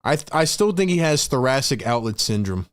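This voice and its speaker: A man hosting a fan livestream, calling play-by-play in excitable, frustrated, slangy talk. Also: mid-range voice, a little fast, no echo, clean studio sound. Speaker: host and play-by-play commentator.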